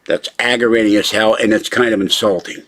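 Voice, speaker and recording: A man with a slightly low voice vents at his computer, sounding fed up and annoyed. He rambles from one complaint to the next in a loose, casual video chat, picked up by the mic on his desktop setup. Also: steady tone, a little fast, a bit bright. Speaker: channel host. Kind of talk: casual live video rant.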